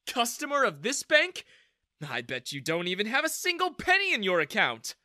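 Man doing a sneering, loud bank manager. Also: high voice, wildly swooping pitch, normal speed, dry recording, studio quality, voice pushed up, heavily acted. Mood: mocking. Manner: mocking, condescending. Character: rude sneering male bank manager, middle-aged.

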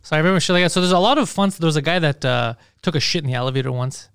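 A male podcast host telling stories in a casual chat, animated and full of swearing. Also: a little high, rapid-fire, smooth, dry recording, studio quality. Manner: animated, swears a lot, acts out quotes.

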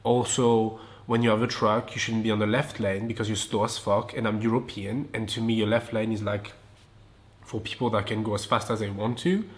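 A man's voice: on the low side, level tone, a little fast. A man with a French accent, hosting a solo podcast and chatting casually, swearing freely, laughing often and drifting onto tangents. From France. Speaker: podcast host. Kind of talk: rambling solo podcast chat.

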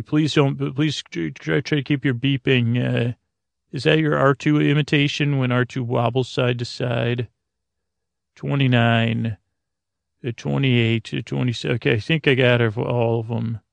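A man hosting a comedy podcast, improvising a comic scene in a halting way, full of fillers and restarts. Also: mid-range voice, vocal fry, dry recording.

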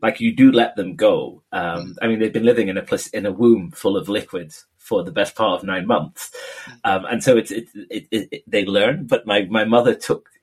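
A man's voice: lowish voice, steady tone, normal speed, slightly rough. A man from Abu Dhabi hosting a casual podcast chat, talkative and self-deprecating, often restarting his sentences. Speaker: podcast host.

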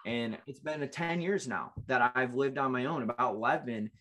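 A man's voice: medium pitch, normal speed, a bit bright. A man in his late twenties, a guest in an interview, telling his life story in an earnest, emotional way with frequent restarts. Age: late 20s.

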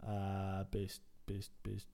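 Low-ish guy riffing sarcastically in a casual chat. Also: completely flat delivery, extremely slow, gravelly, mellow, smooth. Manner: sarcastic, rambling.

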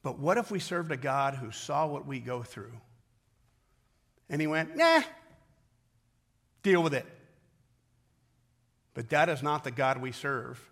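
A middle-aged man preaching a sermon as pastor, talking conversationally, shifting from loud calls to hushed reflection. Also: mid-range voice, normal speed, creaky, slightly rough.

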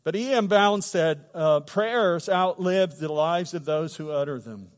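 A middle-aged man preaching a sermon as pastor, conversational and humorous, swelling into loud emphatic bursts. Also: fairly high pitch, unhurried, long reverb tail. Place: church sanctuary.

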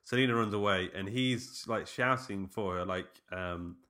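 A man's voice: lowish voice, moderate pace, bright, forceful tone. A man co-hosting a casual film podcast, rambling with many fillers. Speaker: podcast co-host.

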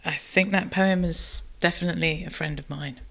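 Female podcast co-host, reflective and warm, conversational. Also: fairly low pitch, fairly even intonation, normal speed, creaky. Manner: thoughtful, warm, ends points with tag questions.

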